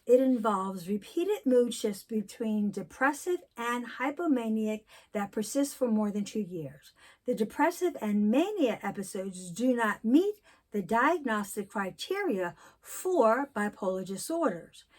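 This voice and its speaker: A woman in her sixties talking candidly in a personal vlog, telling stories and reflecting slowly. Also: a little high, big pitch swings, darkish tone. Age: 60s. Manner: candid storytelling, slow and reflective. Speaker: vlogger.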